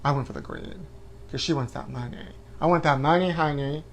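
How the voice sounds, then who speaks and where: A man's voice: a little high, a little fast, vocal fry, a little hiss or hum. Campy guy hosting a live gossip show, says honey a lot, goes woo. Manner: campy, flamboyant, calls viewers honey, shrieks woo. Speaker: host. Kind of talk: live-stream chat show.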